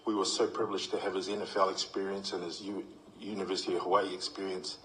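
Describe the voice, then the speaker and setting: A man's voice: low voice, level tone, quick pace, a bit bright, a little hiss or hum, poor audio. A middle-aged man giving a heartfelt, humorous eulogy full of stories. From New Zealand. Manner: heartfelt, humorous storytelling with acted quotes. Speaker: eulogy speaker. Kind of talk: funeral eulogy.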